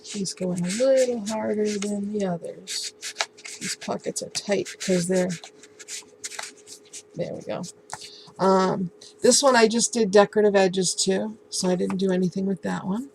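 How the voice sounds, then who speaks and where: A woman casually showing and explaining a handmade album in a relaxed, halting way, with many ums and restarts. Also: mid-range voice, vocal fry, noisy background. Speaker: crafting vlogger. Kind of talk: casual show-and-tell craft tutorial.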